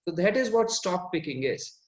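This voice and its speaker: High-pitched man, analytical and self-correcting, echoey room. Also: expressive, normal speed. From India. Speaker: fund manager guest. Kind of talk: explanatory panel talk.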